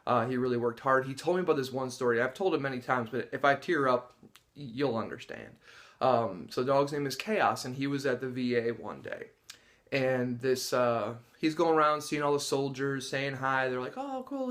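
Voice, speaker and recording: Speaking at normal speed in a mid-range, somewhat bright voice, a man who works as a dog trainer chats to camera about training and testing dogs. Along the way he mimics how dogs and people react, with gasps and laughs.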